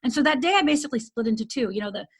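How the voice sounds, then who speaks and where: A middle-aged woman from Upper Michigan, a life coach guest, telling a painful personal story earnestly and dropping to a hush at the hardest moments. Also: high voice, animated, rapid-fire. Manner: earnest, intense, often drops to a hush.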